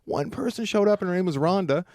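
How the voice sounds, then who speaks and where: A young man co-hosting a podcast, joking in a quick, dry way. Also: sits high, lively intonation, a little mellow, no echo. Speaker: podcast co-host. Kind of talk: casual chat.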